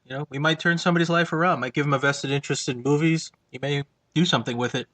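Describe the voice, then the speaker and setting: A man's voice: on the high side, steady tone, fast, fairly bright tone, dry recording. A man co-hosting a casual podcast, talking loosely with hedges and fillers. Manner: loose, hedging chat with fillers. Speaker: podcast co-host.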